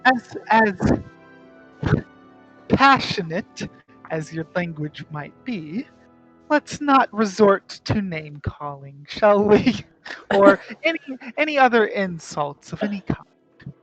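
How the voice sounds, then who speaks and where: A man voicing a composed, regal drow woman who presides over a trial with slow, formal politeness. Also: high voice, big pitch swings, a bit bright, soft background music, voice pushed up, full character voice, poor audio. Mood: commanding.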